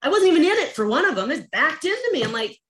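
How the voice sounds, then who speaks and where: A woman guest on a podcast, chatting casually and telling a story in an animated, laughing way. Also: high-pitched, fast. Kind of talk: casual chat.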